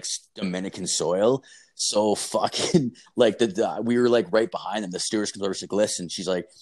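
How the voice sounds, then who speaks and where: A young man hosting a podcast, telling a long story in casual chat, rambling and swearing constantly with lots of "like" and "dude". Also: low-pitched. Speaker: podcast host.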